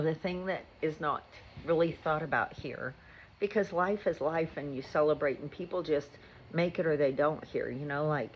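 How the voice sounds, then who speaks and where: A woman's voice: low voice, dull audio, slight background noise. A woman, a mother, telling a rambling, chatty story about her day in a casual vlog. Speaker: mother and vlogger. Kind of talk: casual chat.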